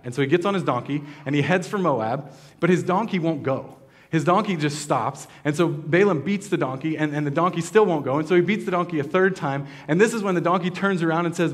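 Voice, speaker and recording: Man preaching casually, fairly high voice. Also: quick pace. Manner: casual, conversational preaching with many fillers and restarts; asks the congregation questions. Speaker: pastor. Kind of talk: sermon.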